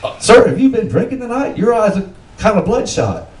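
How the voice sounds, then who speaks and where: A man's voice: high-pitched, very animated, a little fast, darkish tone, roomy sound, recorded from a distance. A man voicing a polite male traffic cop, in a joke told to a small group.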